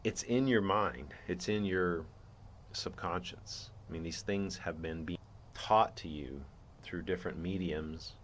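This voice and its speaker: A man's voice: low voice, unhurried, slight background noise. A man hosting his own show, laying out a theory in an earnest, rambling monologue with many restarts. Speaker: podcast host.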